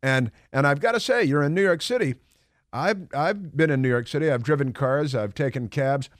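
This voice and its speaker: A man's voice: on the high side, normal speed, dry recording, clean studio sound. A man hosting a talk radio show, telling rambling stories in a wry, sarcastic way. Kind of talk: casual talk radio monologue.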